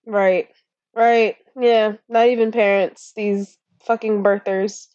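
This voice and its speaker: A woman's voice: mid-range voice, flat delivery, slow, darkish tone, no echo. Young woman podcast co-host, rambling and profane, lo-fi dead-dry sound. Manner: blunt, heavy swearing, rambling with fillers. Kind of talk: casual chat. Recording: dull lo-fi recording.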